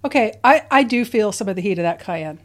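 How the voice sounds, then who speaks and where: A chatty woman co-hosting a relaxed food-tasting show, talking through each flavor with easy amusement. Her voice sits at an ordinary middle pitch for a woman. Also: a little fast. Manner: chatty, amused, describing tastes in detail. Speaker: co-host. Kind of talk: casual food-tasting chat.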